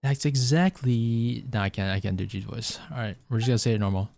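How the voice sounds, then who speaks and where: A man's voice: fairly low pitch, steady tone, racing, vocal fry, darkish tone, no echo. A man doing casual, joking and profane gameplay commentary as a streamer, with a tired, strained throat. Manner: joking, profane, self-mocking. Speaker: gaming streamer.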